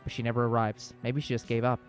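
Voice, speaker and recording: A man's voice: medium pitch, faint music behind. A man hosting a let's play, reading a visual novel's narration aloud with small slips. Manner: quick, steady storybook reading with small slips.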